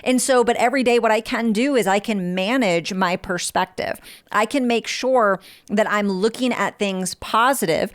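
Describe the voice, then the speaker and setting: Woman, motivational podcast host, direct, frank, coaching, casual. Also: mid-range voice.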